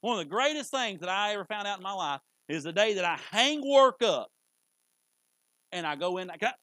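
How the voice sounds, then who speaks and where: A man preaching a sermon in a church in a folksy, conversational way, with sudden loud bursts. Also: sits high, big pitch swings, brisk, no room sound, rough recording. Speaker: pastor. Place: church sanctuary.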